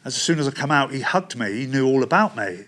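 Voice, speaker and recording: A middle-aged man with a Devon English accent, telling his personal story with halting restarts and quoted bits of conversation. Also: medium pitch, expressive, fairly bright tone. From England. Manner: recounts events with quoted dialogue, halting restarts. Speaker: testimony speaker.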